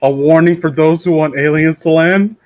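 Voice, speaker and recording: A man hosting a casual podcast, reading aloud haltingly and joking around. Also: fairly high pitch, fairly even intonation, a little mellow, dry recording. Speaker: podcast host.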